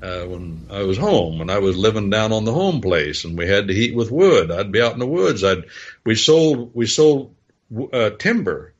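Husky man giving folksy Bible teaching. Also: on the low side, animated, normal speed, lo-fi sound. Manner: rambling storytelling with spelled-out words. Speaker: preacher.

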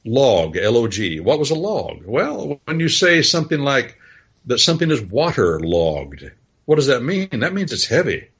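A man's voice: mid-range voice, sing-song, normal speed, fairly bright tone, slightly rough, dull audio. A man preaching and teaching on scripture in a folksy, rambling way, telling stories and spelling out words letter by letter.

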